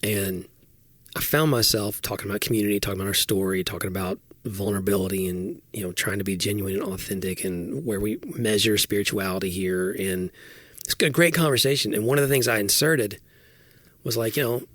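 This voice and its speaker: A man's voice: on the low side, fairly even intonation, brisk, a bit bright, no echo, clean studio sound. A man in his forties, a podcast co-host talking things through in a reflective, casual way. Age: 40s. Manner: reflective, thinks aloud with restarts. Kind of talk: casual chat.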